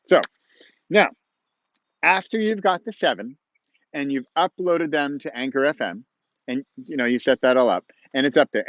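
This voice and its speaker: A man's voice: a little high, no echo, muffled recording. A man hosting his own show in casual, encouraging talk, chatty and rambling with playful asides, recorded outdoors at dawn. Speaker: host of a motivational podcast-vlog.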